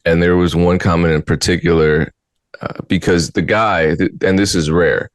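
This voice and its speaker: Blunt low-voiced man, dry close sound. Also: steady tone, normal speed, no echo. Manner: blunt, exasperated, mocking. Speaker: podcast host. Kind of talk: casual commentary.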